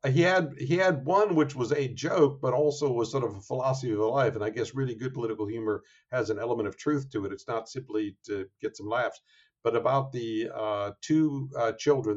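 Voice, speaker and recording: A man being interviewed as an author, talking in a measured, thoughtful way with frequent fillers and restarts. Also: on the low side. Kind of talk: interview conversation. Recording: dull lo-fi sound.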